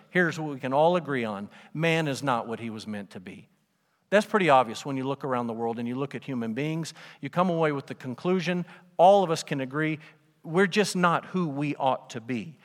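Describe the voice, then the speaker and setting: A man preaching a sermon to his congregation, in a conversational style with rhetorical questions. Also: fairly high pitch. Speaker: pastor. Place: church sanctuary. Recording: long hall reverb.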